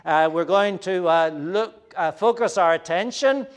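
A man preaching an expository sermon, earnest and explanatory, often pausing on fillers and turning to speak to the children. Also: high voice.

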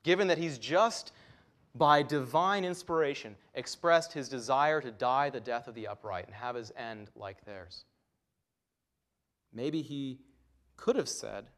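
A man's voice: mid-range voice, measured pace, a bit bright. Earnest male preacher with rising emphasis. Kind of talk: sermon.

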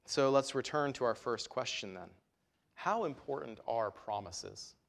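Male pastor, mid-pitched voice, emphatic sermon delivery. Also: expressive, measured pace, a bit bright. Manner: earnest, emphatic, voice rising and falling for stress. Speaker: preacher.

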